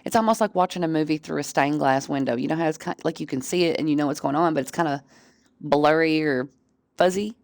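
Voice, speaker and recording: Woman streamer, deep voice, candid, swears freely, dry close sound. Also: vocal fry, a little mellow, dry recording. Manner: candid and profane, quick laughs. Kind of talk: casual chat.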